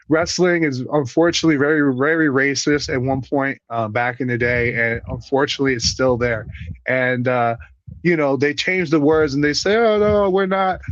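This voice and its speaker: A man from Puerto Rico talks in a loose, animated way, cursing freely as he tells stories. His voice sits fairly high for a man and sounds dry and close. The sound is a little dull and lo-fi. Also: no echo. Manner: animated, profane storytelling. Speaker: wrestler guest. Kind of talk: casual interview chat.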